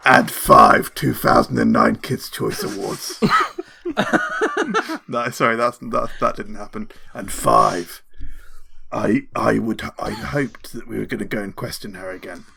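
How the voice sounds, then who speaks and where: A man's voice: lowish voice, expressive, moderate pace, vocal fry, a bit bright, breathy edge. A man playing a tabletop role-playing game, speaking in character in a rambling, jokey way. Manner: rambling, jokey, stumbles into laughter. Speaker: player.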